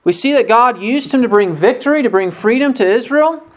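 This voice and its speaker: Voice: mid-range voice, lively intonation, fairly quick. A preacher giving an expository sermon, explaining a Bible passage and briefly acting out its dialogue. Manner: expository, acts out biblical dialogue.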